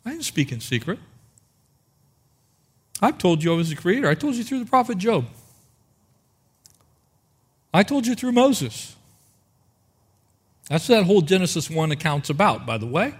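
A man preaching, with a voice a little higher than most men's. He works through scripture verse by verse, fires off rhetorical questions and slows right down to lean on the key words. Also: sing-song, husky. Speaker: pastor. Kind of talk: sermon.

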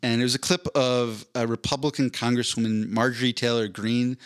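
A man trading crude jokes on a podcast, reading out tweets and his own replies. His voice sits at a middle pitch, and he lifts it when he quotes someone. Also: fairly quick. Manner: joking, crude, animated when quoting. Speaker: podcast co-host. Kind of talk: casual chat, reading out tweets.

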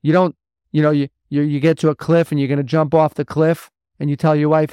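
A man's voice: a little high, fairly even intonation, moderate pace, darkish tone, clear, resonant tone, dry recording, clean studio sound. A man hosting a motivational podcast as a mentor to men, talking bluntly and emphatically with lots of repetition. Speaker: podcast host and men's mentor.

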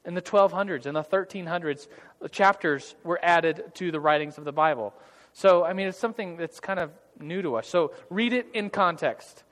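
A man's voice: fairly high pitch, normal speed, a bit bright, big-room sound. A man leading an interactive church group class, talking casually and jokingly with many restarts. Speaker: Bible class leader. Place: large hall with tables of listeners.

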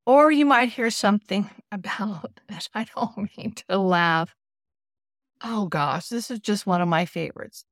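A woman's voice: medium pitch, unhurried, fairly bright tone, no echo, studio quality. A woman principal hosting her own podcast, speaking candidly to fellow principals and laughing at herself now and then. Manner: candid, laughs at herself, acts out parent voices. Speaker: podcast host, school principal. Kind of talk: solo podcast talk.

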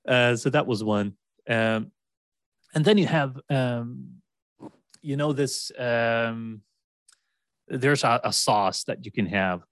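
Here a Swedish-accented man talks slowly and pauses often, his mid-range voice a little bright and free of echo. As a podcast co-host, he rambles through casual conversation, laughing and restarting frequently.

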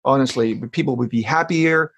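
A man's voice: medium pitch, moderate pace, creaky, fairly bright tone, breathy edge. A man who runs speaking trainings, talking earnestly as an interview guest and repeating words as he thinks. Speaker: guest, speaking coach and author. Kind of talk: casual interview chat.

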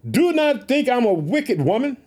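A man's voice: extremely high pitch, big pitch swings, moderate pace, darkish tone, voice pushed up, full character voice. A man voicing a distressed, earnest woman pleading that she is not drunk but praying.

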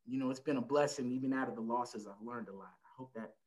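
A man talking as a podcast guest and caregiver, telling a family story in a relaxed conversational way, with lots of "you know" and acted-out lines from family members. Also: mid-range voice, fast, rough recording. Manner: frequent "you know" fillers. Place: lives in El Paso, Texas.

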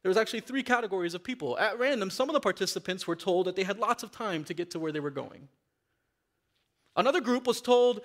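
A man's voice: high voice, lively intonation, quick pace, fairly bright tone. A man preaching a sermon in a church, reading scripture aloud and then speaking earnestly and openly to the congregation. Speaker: pastor.

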